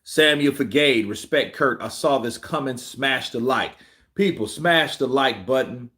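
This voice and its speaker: A man hosting a boxing commentary livestream, ranting excitedly and repeating himself as he thinks aloud. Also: mid-range voice, measured pace.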